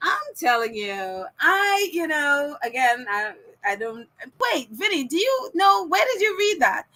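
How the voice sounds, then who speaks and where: Woman podcast host, high and bright, chatty ranting delivery with lots of laughs. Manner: ranting, laughs often between phrases. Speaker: podcast host reading viewer comments. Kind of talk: casual opinion chat.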